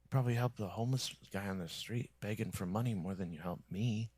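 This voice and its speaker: A man's voice: lowish voice, quick pace, darkish tone, breathy edge, dry recording. A man streaming a rambling, bitter monologue to his viewers, complaining and often dropping into a whisper.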